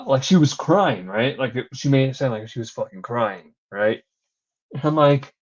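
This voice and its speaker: A man's voice: mid-range voice, animated, normal speed. Profane, rambling young man chatting. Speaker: podcast co-host. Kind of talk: casual wrestling recap chat. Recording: dull lo-fi recording.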